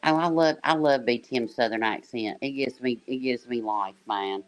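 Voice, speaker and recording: A woman's voice: very deep voice, normal speed. Rambling woman guest on a livestream. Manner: rambling, full of "you know" fillers. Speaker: panel guest. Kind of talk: casual livestream chat.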